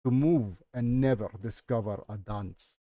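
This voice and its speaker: A man voicing an old, whiskered male record keeper in a put-on Russian accent over his own Nigerian one, speaking slowly and solemnly. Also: mid-range voice, mellow, no echo, natural voice. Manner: slow, solemn, heavy pronouncements.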